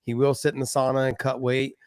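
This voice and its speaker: A man co-hosting a podcast, giving relaxed, offhand fight analysis in casual chat. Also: medium pitch, fast talker, clean tone, no echo, studio quality. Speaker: podcast co-host.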